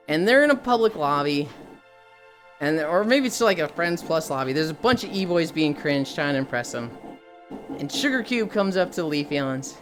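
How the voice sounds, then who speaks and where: A young woman streamer chatting casually with her viewers, telling stories animatedly and slipping into mocking impressions. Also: lowish voice. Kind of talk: casual chat with chat readers.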